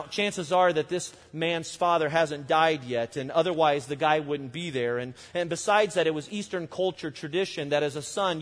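A man preaching a sermon as pastor, in a conversational way full of "you know" and "I mean". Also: on the high side. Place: church. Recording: long reverb of a church hall.

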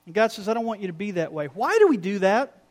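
A middle-aged male pastor delivering a sermon with a notably high voice. He tells stories with animated energy and drops into quoted lines of dialogue. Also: fast. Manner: animated storytelling preacher with quoted asides.

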